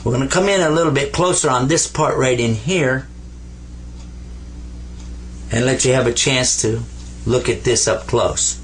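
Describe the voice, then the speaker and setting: An older American man teaching Arabic letters on a taped video lesson, folksy and patient, drawing out sounds slowly for viewers to repeat. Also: medium pitch, slight background noise.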